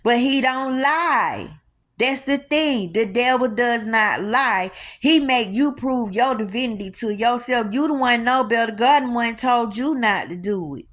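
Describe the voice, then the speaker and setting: A woman's voice: a little high, unhurried, fairly bright tone. A woman giving an informal spiritual teaching in an emphatic, colloquial, preacher-like way with lots of repetition.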